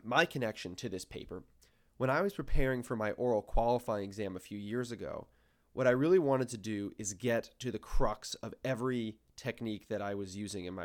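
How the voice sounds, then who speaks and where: A man in his twenties, a podcast co-host, explaining his research in a casual, wry, self-deprecating way. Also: on the low side. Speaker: podcast co-host, planetary science grad student.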